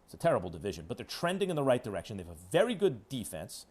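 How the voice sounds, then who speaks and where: Man, sports radio host, opinionated monologue, emphatic, hectoring, animated pitch. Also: racing, slightly rough. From New York. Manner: emphatic, hectoring, swings between loud and low.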